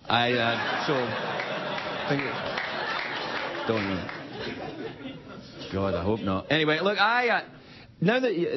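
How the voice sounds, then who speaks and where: The man hosting this late-night show has a fairly low voice as he delivers a jokey stand-up monologue, putting on voices for the quotes. Background noise and a loud live audience's laughter fill the dull broadcast audio from the television studio.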